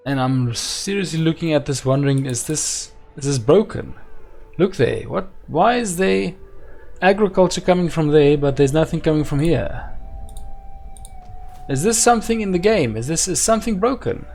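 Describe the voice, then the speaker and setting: Gravelly, exasperated strategy-game player. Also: male voice, on the high side, animated, moderate pace, darkish tone, soft background music. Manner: exasperated, keeps asking aloud why things don't work. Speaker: gameplay video host. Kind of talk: let's-play strategy game commentary.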